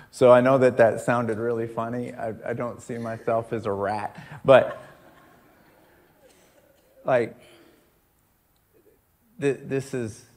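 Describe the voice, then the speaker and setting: Man preaching a storytelling sermon. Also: mid-range voice. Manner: conversational storytelling preaching, emphatic repetitions. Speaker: pastor. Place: church service with congregation.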